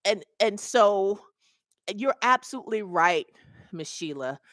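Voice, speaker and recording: A woman's voice: mid-range voice, expressive, unhurried, fairly bright tone, dry recording, studio quality. A middle-aged woman and mobile notary mentor, telling a story casually to her webcam and acting out the voices of the people in it.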